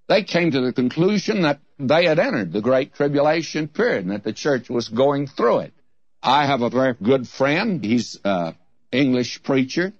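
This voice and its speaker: A man's voice: medium pitch, dry recording. A man preaching in a folksy, storytelling way, teaching from the Bible with emphatic points. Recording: dry, slightly dull lo-fi recording.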